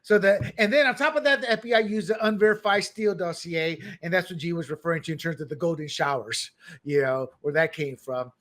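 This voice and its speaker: A man co-hosting a political talk show, animated and joking, often restarting his words. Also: a little high, brisk. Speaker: podcast co-host. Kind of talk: political commentary chat.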